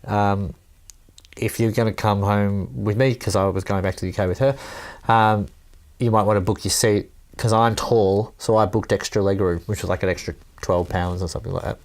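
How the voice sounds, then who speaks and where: A man's voice: on the low side, steady tone, normal speed. A Welsh man from Wales telling a rambling story in casual chat, laughing often and swearing now and then.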